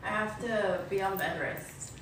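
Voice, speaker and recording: A woman talking hesitantly and haltingly in a casual conversation. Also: medium pitch. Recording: distant, echoey room with background noise.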